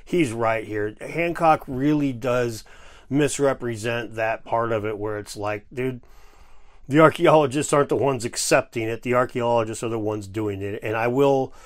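A man's voice: mid-range voice, normal speed. A man hosting a casual reaction video, ranting with sarcasm and frequent swearing. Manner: ranting, sarcastic, profane, animated. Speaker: video host reacting to a clip.

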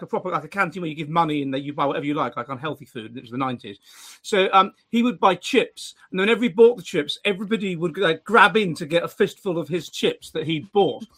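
Man, host, high voice, bright tone, rambling, dry humour, casual chat. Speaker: podcast host.

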